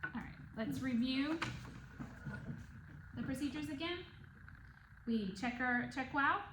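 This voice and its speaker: A woman's voice: high voice, slow. A woman teaching a one-on-one reading lesson, patiently checking in with the student. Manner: patient, checks in with "okay?" and "right?". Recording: echoey room with noise.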